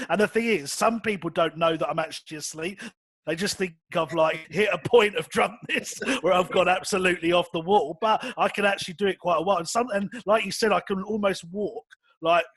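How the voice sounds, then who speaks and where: A high-voiced man talks in a loose, chatty way. He teases and laughs through casual podcast conversation. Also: fairly bright tone, slightly rough, no echo. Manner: chatty, teasing, laughs between lines. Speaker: podcast guest.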